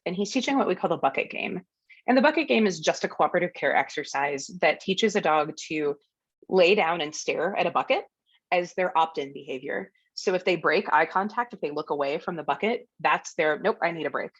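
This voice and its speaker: A woman's voice: low-pitched, lively intonation, fairly quick, husky, dry recording, dull audio. A woman dog trainer giving a workshop, explaining video clips in a friendly, casual way. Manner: friendly, explanatory, narrates clips with ums and laughs. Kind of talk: educational webinar talk over video clips.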